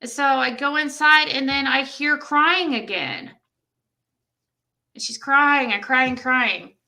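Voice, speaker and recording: A young woman hosting a livestream, telling a story in casual chat and reacting to comments with animated exclamations. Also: sits high, takes it slowly, vocal fry. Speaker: livestream host.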